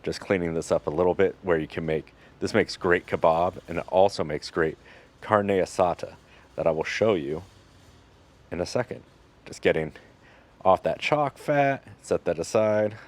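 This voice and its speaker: A man with a very low voice talks through his butchering in an easygoing, instructional way. He keeps it loose and jokey, with plenty of fillers. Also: moderate pace. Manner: relaxed and joking, with fillers. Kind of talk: casual instructional narration.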